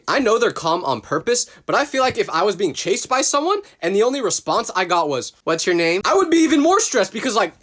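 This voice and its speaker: A young man telling funny personal stories in a comedic, exaggerated way, acting out the people he quotes. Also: high-pitched. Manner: animated, exaggerated outbursts and voiced quotes. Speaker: storytelling creator. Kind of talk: comedic storytelling.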